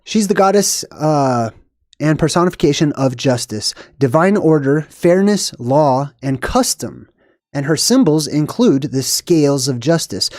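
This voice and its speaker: Hosting a casual live video on symbolism, a man reads passages aloud and then comments on them, rambling and thinking aloud with many fillers. His voice is slightly high, slightly mellow, a little slow, and lively, recorded in clean studio sound with no echo.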